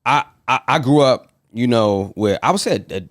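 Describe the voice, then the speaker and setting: Thirties guy, pastor, easygoing storyteller, average pitch, dry mic. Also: lively intonation, normal speed, dry recording. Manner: laid-back storyteller who laughs often. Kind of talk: casual conversation.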